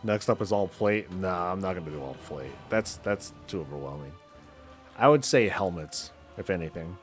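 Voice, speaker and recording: At a moderate pace, this game streamer talks loosely as he plays, his voice fairly low and his speech full of slang. His thoughts come out loud and drift between topics, with quiet music faintly in the background.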